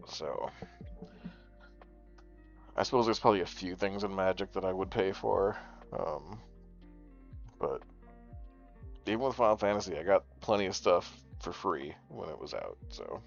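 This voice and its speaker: A man's voice: low voice, expressive, measured pace, creaky, pauses often. A man streaming a card game, chatting casually with his viewers in a rambling way and swearing freely. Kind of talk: casual gaming commentary. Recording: dull lo-fi stream audio with faint music.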